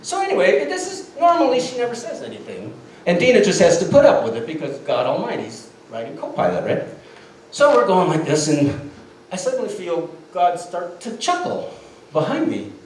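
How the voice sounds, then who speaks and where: Animated, laughing man telling a tall tale. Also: high voice, normal speed. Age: 50s. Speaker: storyteller. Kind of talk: comic storytelling skit. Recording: echoey room from far off, faint noise.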